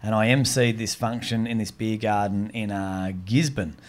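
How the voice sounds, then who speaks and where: A man with an Australian accent, telling a comedy gig story on a podcast in a casual, animated way and acting out the voices of the people in it. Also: fairly low pitch, normal speed. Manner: animated, acts out quoted voices.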